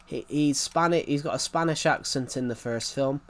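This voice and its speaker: A man's voice: mid-range voice, moderate pace. A man giving casual gameplay commentary as a channel host, rambling and often repeating and correcting himself as he talks.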